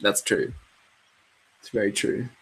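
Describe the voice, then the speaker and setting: A man's voice: on the low side, slow pace, a bit bright. A man co-hosting a podcast in casual chat, joking around, swearing freely and often trailing off mid-thought. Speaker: podcast co-host.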